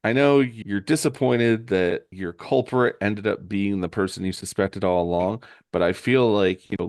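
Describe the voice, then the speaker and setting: A man's voice: low-pitched, creaky, no room sound, studio quality. A man hosting a comic book podcast, narrating scenes and chatting encouragingly with his co-host. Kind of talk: comic book recap and casual discussion.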